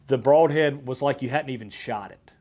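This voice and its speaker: A male podcast host tells a story in relaxed, casual conversation. His voice sits in an ordinary middle pitch. He talks with animated energy and often restarts his sentences. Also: normal speed, highs cut off.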